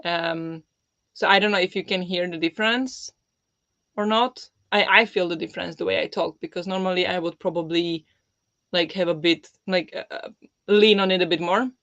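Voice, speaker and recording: Streamer with a sore throat, talking quiet and low on purpose, kinda muffled dry mic. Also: fairly even intonation, normal speed, no echo. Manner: talking softly with a held-back, lowered voice. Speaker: livestream host. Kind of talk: casual chat with viewers. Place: home.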